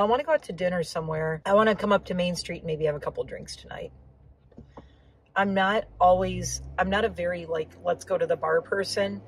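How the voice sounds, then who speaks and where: A woman's voice: on the low side, husky, low-quality recording. A woman chatting casually while driving, rambling with lots of asides and a slightly sore throat. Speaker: vlogger. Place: inside a car on the road.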